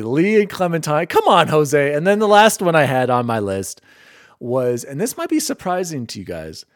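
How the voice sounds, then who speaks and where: A young man hosting a casual gaming podcast, openly sentimental and quick to laugh at himself. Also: medium pitch, no room sound, studio quality. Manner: emotional, self-deprecating, quick to laugh. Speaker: podcast host.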